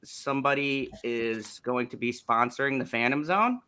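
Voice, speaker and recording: A man hosting a casual chat show, playful and quick to laugh. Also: medium pitch, animated, pushed and bright, clean tone. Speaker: host.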